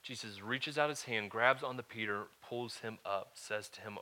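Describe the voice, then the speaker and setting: A man preaching as a pastor, moving from loud, emphatic lines to quieter, earnest teaching and asking his listeners "all right?". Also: fairly low pitch, normal speed, few pauses. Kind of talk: sermon.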